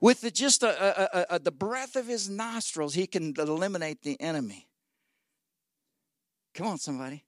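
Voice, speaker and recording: A man in his sixties preaching a sermon as guest pastor, folksy and exhorting, swinging between loud shouts and low asides. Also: lively intonation, normal speed, pauses often, no room sound, studio quality. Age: 60s. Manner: folksy, exhorting with 'come on, somebody'.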